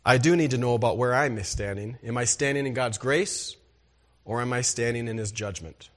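A man's voice: mid-range voice, normal speed, a bit bright. A man preaching a sermon as pastor, emphatic and asking the congregation rhetorical questions.

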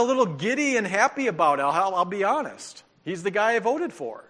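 Guy pastor preaching, lively stories then goes soft and earnest, kinda high voice. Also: moderate pace, few pauses. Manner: animated storytelling, drops to soft earnest tones. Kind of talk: sermon.

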